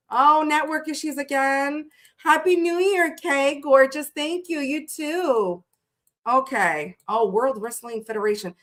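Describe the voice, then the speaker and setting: A woman's voice: fairly high pitch, fairly bright tone. A woman hosting a tarot livestream, greeting her chat viewers one by one in a chatty, playful way that swears freely, and she sounds tired.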